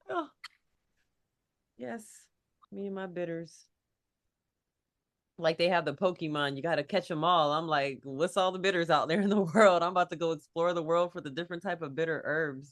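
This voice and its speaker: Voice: mid-range voice, moderate pace, long pauses. A co-host herbalist in casual chat, enthusiastic and playful, laughing a lot.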